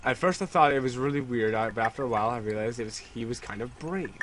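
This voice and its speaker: A man reading the lines of a calm, guarded young woman college student from a text game in a flat voice. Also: mid-range voice, quick pace, a little hiss or hum, close to an everyday voice, poor audio. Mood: reflective.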